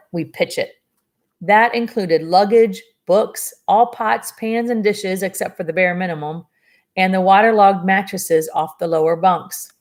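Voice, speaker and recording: A woman reads a novel aloud in a lower-set voice and stops now and then for casual, chatty asides. Her remarks are dry and sarcastic. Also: moderate pace. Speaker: reader of a novel. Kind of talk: reading a book aloud with commentary.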